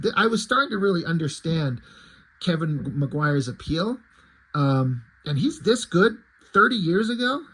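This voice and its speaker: Husky-voiced man chatting about comics. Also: on the high side, a bit bright, low-quality recording. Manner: chatty and loose, swears casually; paraphrases dialogue in a plain reading voice. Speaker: comic book reviewer. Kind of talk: casual comic review chat.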